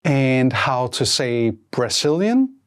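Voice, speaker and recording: A teacher leads a scripted language lesson, giving measured prompts and repeating each answer twice. The voice is mid-range with big pitch swings, and there's a little hiss or hum.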